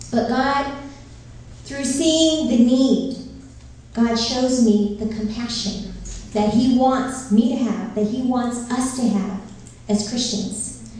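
A woman's voice: a little high, warm tone, distant mic. Earnest woman testifying in an echoey hall. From Northern California. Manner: earnest, heartfelt storytelling with many fillers. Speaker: missionary speaker. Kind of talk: church testimony.

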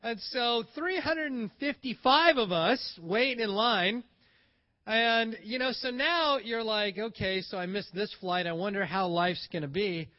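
A man telling a travel story in a casual, animated way, acting out the lines of the people he meets. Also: sits high, a little slow, dull audio. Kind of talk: casual spoken anecdote.

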